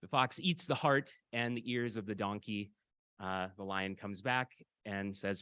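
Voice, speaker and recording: A man giving a public lecture in a conversational, storytelling way, often pausing with hesitations. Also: lowish voice, sharp tone, clear, resonant tone, no room sound.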